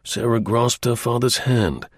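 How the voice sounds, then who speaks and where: A man reads an audiobook in a measured storytelling way. His voice is gravelly and husky, and his pitch rises and falls a great deal. The recording is dry, with no room sound. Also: dry recording. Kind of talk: audiobook narration.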